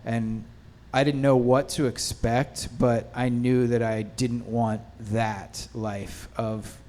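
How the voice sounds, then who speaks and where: A man from a film lighting crew speaking on a festival panel, relaxed and halting, with many fillers. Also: mid-range voice, a little hiss or hum. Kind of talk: casual panel storytelling.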